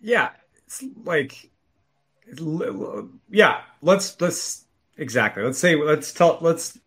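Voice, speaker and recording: A man's voice: on the high side, lively intonation, slow, a bit bright, slightly rough. A man co-hosting a tech podcast in casual chat, rambling with many restarts and fillers. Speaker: podcast co-host.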